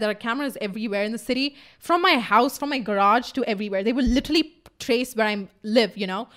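A young woman co-hosting a casual chat, telling a story excitedly, swearing freely and acting out what people said. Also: fairly high pitch. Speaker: co-host.

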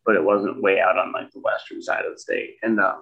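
A man from Michigan co-hosting a podcast, telling a rambling story with many pauses and restarts. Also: low-pitched, fairly even intonation. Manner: rambling, full of fillers and restarts. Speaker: podcast co-host. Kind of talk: casual storytelling chat. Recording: dull lo-fi sound.

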